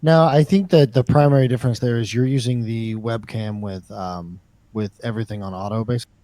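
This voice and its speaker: A man's voice: mid-range voice, steady tone, fairly quick, mellow, no room sound. A man on the stream crew who answers the host with short, matter-of-fact replies. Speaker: crew member running the stream. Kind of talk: casual off-camera chat.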